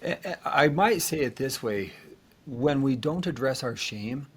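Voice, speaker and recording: A man's voice: mid-range voice, lively intonation, a little slow, slightly rough. A man hosting a relationship podcast as a therapist, explaining things and speaking directly to listeners. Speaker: therapist host.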